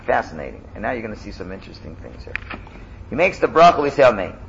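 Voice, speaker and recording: A man teaching a casual class, lively and animated, chanting loudly when he demonstrates. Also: on the low side, fast, vocal fry, muffled recording, slight background noise.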